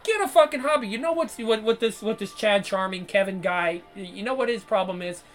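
A man's voice: high voice, fairly quick, fairly bright tone, soft background music. A man ranting to his viewers in a crude, repetitive, exasperated way, swearing constantly. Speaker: vlogger. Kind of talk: profane monologue rant to viewers.

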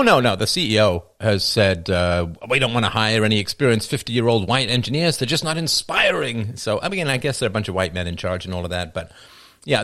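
Wry rambling man, fairly low voice. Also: a bit bright, no echo, clean studio sound. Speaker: livestream host taking questions. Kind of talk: casual livestream monologue.

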